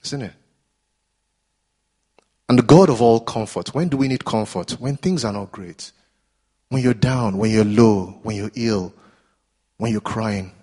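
A man's voice: on the low side, unhurried, long pauses, a little mellow, husky. A man preaching a sermon in a church, earnest and exhorting, repeating phrases as he builds intensity.

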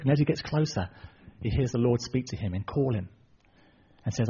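Husky guy preaching, storytelling sermon, muffled lo-fi recording. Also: mid-range voice, brisk. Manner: lively retelling, asides to the audience. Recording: dull lo-fi recording.

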